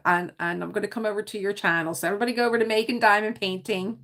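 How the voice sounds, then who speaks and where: A woman with a South Philadelphia accent hosting a casual livestream chat, rambling with quick asides and laughter. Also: medium pitch, a bit bright. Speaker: livestream host.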